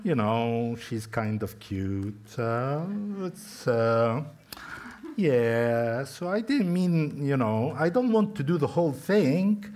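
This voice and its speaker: A man's voice: mid-range voice, lively intonation, takes it slowly, a little mellow, a little hiss or hum. A man voicing a wavering, greedy male prophet who makes rambling excuses. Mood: sheepish evasive.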